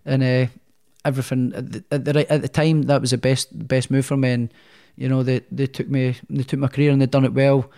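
A man's voice: mid-range voice, level tone, a little fast, hardly any pauses, mellow. Scottish guy chatting on a podcast, loose rambly storytelling, lots of ums and restarts. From Scotland. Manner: rambling, many restarts and fillers, self-deprecating. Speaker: guest, professional boxer. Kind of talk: casual interview storytelling.

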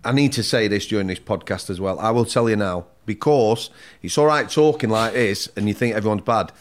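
A man's voice: on the low side, fairly quick. A man hosting a podcast, a former prison officer, speaking firmly and cutting in with repeated calls to listen. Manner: firm, cuts in with repeated "listen". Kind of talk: casual podcast chat.

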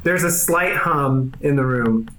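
A man's voice: medium pitch, measured pace, heavy background noise. A man narrating a tabletop game as game master, loose and rambling with lots of fillers and jokes. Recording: echoey room.

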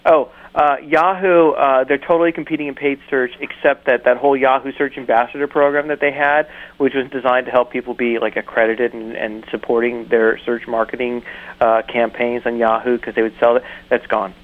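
A man's voice: medium pitch, flat delivery, brisk. A man co-hosting a search news podcast, chatting casually with jokes and many fillers. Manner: joking, rambling, lots of fillers. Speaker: podcast co-host. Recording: tinny phone line.

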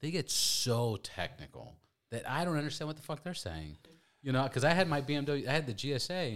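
A man in his thirties hosting a podcast, telling loose, animated anecdotes with casual swearing. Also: mid-range voice, a little fast. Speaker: podcast host.

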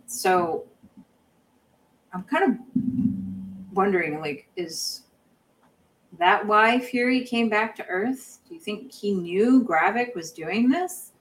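A woman's voice: medium pitch, expressive, slow, long pauses, rough recording. A woman co-hosting a podcast, recapping a show in casual chat with lots of fillers and restarts. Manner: rambling, many fillers and restarts. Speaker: podcast co-host.

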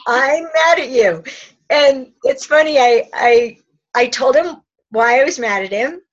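A woman's voice: high-pitched, measured pace, dull audio. A woman speaking as a relationship expert guest, chatting casually, laughing often and acting out short dialogues. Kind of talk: conversational advice. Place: indoor couch talk.

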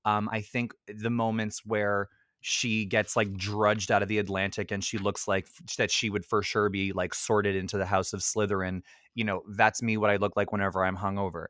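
A man's voice: on the low side, flat delivery, normal speed, a bit bright, no echo, studio quality. A young man hosting a podcast in casual chat, rambling with lots of fillers and self-corrections and laughing often. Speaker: podcast host.

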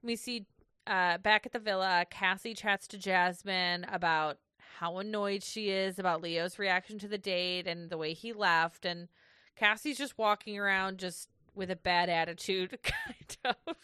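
A woman's voice: mid-range voice, steady tone, a little slow, sharp tone, clear, resonant tone, no echo, studio quality. A woman co-hosting a podcast, chatting casually through a recap and laughing easily as she reads from her notes. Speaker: podcast co-host.

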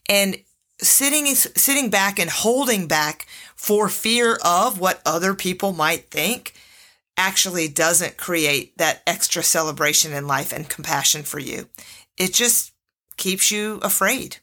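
Bright-voiced woman life coach talking. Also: lowish voice, measured pace. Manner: animated, candid, laughs often. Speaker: life coach and podcast host. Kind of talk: solo podcast talk.

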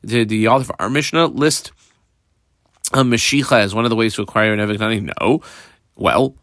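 Slightly fast and lowish in pitch, with some brightness, a man works through a Talmud page in a daily lesson recorded in a studio with no room sound. He reads out Hebrew and Aramaic terms, translates each one, and calls out the punctuation as he explains.

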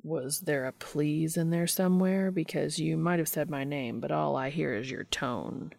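A woman voicing a teasing, dominant young man who speaks in a low murmured whisper. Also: moderate pace, vocal fry, a little mellow, no room sound.

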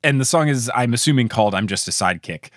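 A man in his late twenties hosting a casual podcast, joking and animated. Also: quick pace, no room sound, clean studio sound. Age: 20s. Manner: animated, jokey, swings pitch up and down. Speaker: podcast host.

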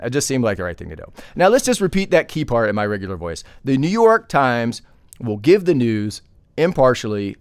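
A man's voice: fairly high pitch, no echo. A man who is a journalist and podcast host, delivering opinion commentary emphatically, with many rhetorical questions.

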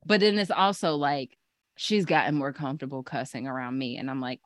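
A woman guest talking on a podcast over a video call, animated and swearing freely. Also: rumbling low, a little fast, dry recording. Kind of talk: casual chat.

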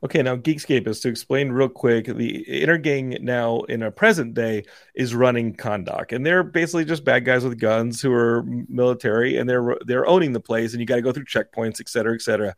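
A man's voice: mid-range voice, fairly quick, few pauses, no echo, studio quality. A man co-hosting a casual film review chat, laid-back and talking in long run-on sentences. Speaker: podcast co-host.

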